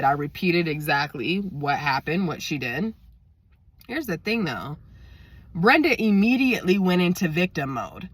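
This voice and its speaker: A woman's voice: lowish voice, sing-song, unhurried, breathy edge, no room sound. A woman in her thirties tells a story to her viewers, indignant and emphatic, often speaking straight to them. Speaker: vlogger.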